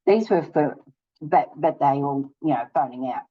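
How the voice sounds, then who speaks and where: A woman's voice: sits low, normal speed, husky, muffled recording. An older woman hosting her own channel, telling a personal story casually and acting out both sides of each conversation. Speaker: channel host.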